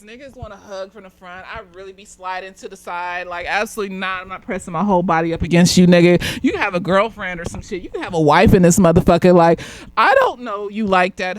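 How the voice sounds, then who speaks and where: A woman's voice: on the low side, no echo, low-quality recording. Tipsy woman ranting with dry sound. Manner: profane and blunt, laughing often, swinging between loud outbursts and quiet muttering. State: slightly tipsy. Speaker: therapist reviewing a TV episode. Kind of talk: casual commentary vlog.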